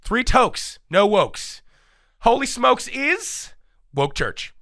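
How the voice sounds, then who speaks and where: Lively bright-voiced man hosting quiz. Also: very high-pitched, very slow, no room sound, clean studio sound. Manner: playful, laughs often, teasing. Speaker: podcast host running a quiz game. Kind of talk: casual chat.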